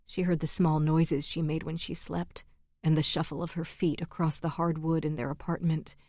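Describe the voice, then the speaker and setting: Low, gravelly woman narrating a thriller. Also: darkish tone, no echo, studio quality. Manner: measured, tense. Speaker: audiobook narrator. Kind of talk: dramatic audiobook narration.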